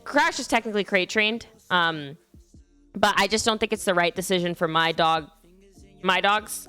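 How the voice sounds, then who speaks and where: A woman's voice: medium pitch, sharp tone, clear, resonant tone. A young woman streamer casually telling a rambling, self-deprecating story about her dogs, with frequent fillers and casual swearing.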